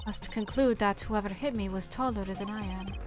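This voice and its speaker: A woman voicing a soft-spoken, formal blind female singer in a fan game dub. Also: medium pitch, faint music behind, close to an everyday voice. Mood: calm. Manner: calm, measured, formal.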